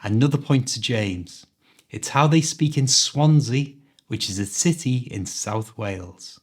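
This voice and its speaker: Mild Scouse man, mid-pitched, clear teacherly quiz host. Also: animated, a little slow. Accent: Liverpool Scouse, mild. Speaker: podcast host, English teacher. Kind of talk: quiz host, scripted podcast.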